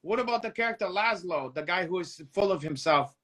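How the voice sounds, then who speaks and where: A man's voice: sits high, lively intonation, a little fast, a bit bright. Profane man, broken English. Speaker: co-host. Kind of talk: comedic casual chat.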